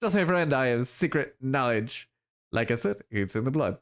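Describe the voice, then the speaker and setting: A man's voice: mid-range voice, sing-song, moderate pace. A man voicing a scrawny, cheerful street elf drug dealer with sly, boastful sales patter, reading a video game aloud. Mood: conspiratorial.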